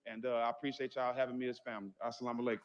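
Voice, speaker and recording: A man's voice: mid-range voice, flat delivery, rapid-fire, background noise. A middle-aged man giving an earnest, heartfelt funeral eulogy, speaking directly to the grieving family in a large hall. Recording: muffled audio with long hall reverb.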